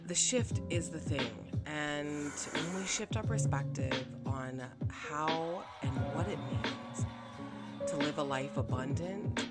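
A woman's voice: low-pitched, slow, over loud music. A woman hosting her own podcast, talking alone in a chatty, upbeat way with plenty of fillers. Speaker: podcast host. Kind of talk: casual solo podcast monologue.

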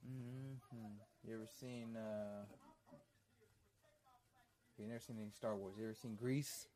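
A man hosting a casual home podcast, loud and joking, swearing often as he chats with his partner. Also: lowish voice, fairly even intonation, measured pace. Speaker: podcast host. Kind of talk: casual chat.

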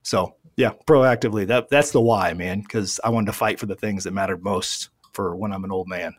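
A man's voice: low voice, steady tone, moderate pace, no room sound, studio quality. A man in his forties talking as a podcast guest, earnest and heartfelt, often dropping "man" and "dude" in casual conversation. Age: 40s. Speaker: podcast guest, business owner.

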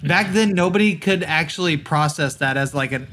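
A man's voice: fairly high pitch, normal speed, over a noisy crowd. A man co-hosting a podcast, making crude jokes and swearing freely. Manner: crude, jokey, profane. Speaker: podcast co-host. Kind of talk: casual chat.

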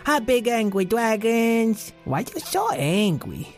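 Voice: very animated, takes it slowly, darkish tone, faint music behind. Goofy rambling dog president, acted out. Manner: goofy and rambling, with sudden squeaky jumps. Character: easygoing dog who is president.

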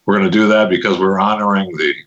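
A man's voice: low-pitched, fairly even intonation, quick pace, a bit bright, highs cut off. A man hosting a podcast in a casual, joking way, chatting loosely and fiddling with his mic on air. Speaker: podcast host.

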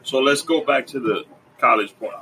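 A man from Washington Heights hosting a casual interview chat, relaxed and prone to quick restarts. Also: mid-range voice. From Washington Heights, New York. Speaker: podcast host. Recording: distant mic with faint room noise.

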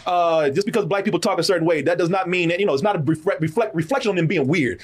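A man's voice: high voice, fast. A man telling a story in a casual podcast chat, acting out the voices of the people in it. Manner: animated, acts out voices in his story. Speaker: podcast co-host.

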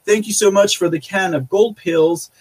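Male podcast host with a high voice, chatty and rambling, full of fillers and quick laughs. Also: steady tone, breathy edge. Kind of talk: casual live-stream chat recap.

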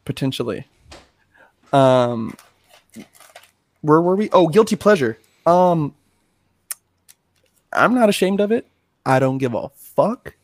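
A man co-hosting a podcast in casual chat, talking in a rambling, animated and profane way. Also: on the high side, slow, long pauses, dry recording. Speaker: podcast co-host.

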